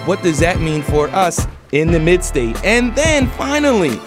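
A man's voice: high voice, very animated, measured pace, over music. A man hosting a news podcast, reading stories and then chatting about them with many fillers and restarts. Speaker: podcast host.

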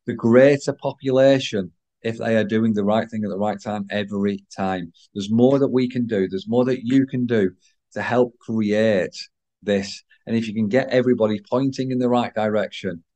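A man with a croaky voice talking to listeners as a business coach, earnest and repetitive. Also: fairly low pitch, fairly even intonation, moderate pace, mellow. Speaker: podcast host, business coach. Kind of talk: solo talk to listeners.

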